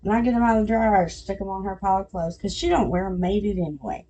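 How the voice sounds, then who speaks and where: A woman's voice: medium pitch, animated, fast talker, warm tone, muffled recording. A middle-aged woman hosting a podcast, telling family stories in casual chat and laughing at her own jokes. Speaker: podcast host.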